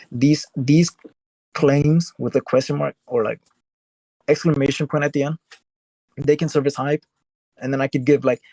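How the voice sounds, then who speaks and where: A man's voice: medium pitch, gravelly, darkish tone, no echo. A man debating casually, rambling with lots of filler words as he lays out his point. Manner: rambling, heavy use of "like" fillers.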